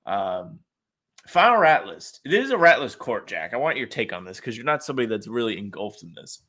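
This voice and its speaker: A young man co-hosting a sports podcast, talking in a relaxed, opinionated, rambling way. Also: mid-range voice, fast. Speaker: podcast co-host. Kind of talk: casual podcast chat.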